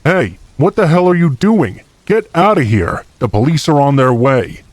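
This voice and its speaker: A man voicing a frantic young boyfriend who shouts in a strained, high voice. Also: expressive, moderate pace, no room sound. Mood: alarmed.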